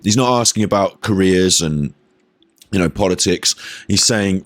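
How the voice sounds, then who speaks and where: British male streamer, low-pitched, mocking and profane commentary, dry mic. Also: moderate pace, no room sound. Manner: sweary, mocking, chatty. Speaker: streamer reacting to podcast clips.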